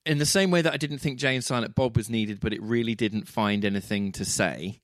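A man's voice: mid-range voice, brisk, no echo, studio quality. A man co-hosting a casual film podcast, rambling and teasing, swearing freely as he talks through his thoughts. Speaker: podcast co-host.

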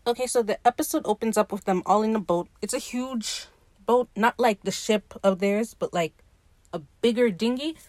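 A woman hosting a podcast, talking in a casual, slangy and profane way, opinionated and animated as she recaps. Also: fairly high pitch, moderate pace, no echo. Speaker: podcast host recapping a TV episode. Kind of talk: casual chat.

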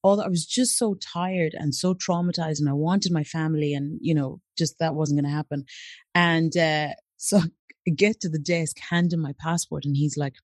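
Lively woman storyteller, dry close sound. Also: low voice, normal speed, dry recording. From Africa. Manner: animated, acts out voices of people in her stories. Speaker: interview guest. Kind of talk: storytelling in conversation.

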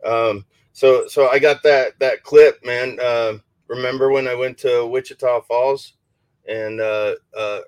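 Halting, dry-sounding male podcast host. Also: mid-range voice, fairly even intonation, smooth, dry recording, poor audio. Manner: halting, many fillers and restarts. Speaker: podcast host, paranormal investigator. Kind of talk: casual chat.

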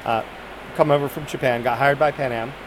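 A man's voice: mid-range voice, steady tone, a little fast, a little hiss or hum. A man who is a flight attendant telling a casual story from his work.

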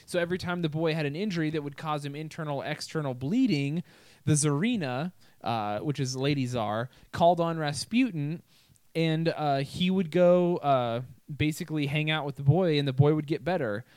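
A man's voice: on the high side, normal speed, darkish tone, clean tone, no room sound. A young man co-hosting a podcast, telling history stories in a loose, profane, laughing way. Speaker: podcast co-host. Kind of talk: casual chat.

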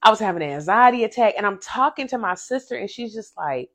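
Telling a personal story on her informal faith podcast, a woman speaks right to her audience, using spirited, emphatic repetition. Her voice is a little high and she talks fast.

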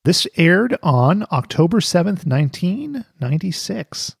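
A man's voice: high-pitched, big pitch swings, unhurried, gravelly, husky, no room sound, clean studio sound. A man co-hosting a podcast, chatting casually and cracking jokes. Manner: joking, playful, laughs often. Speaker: podcast co-host. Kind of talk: casual chat.

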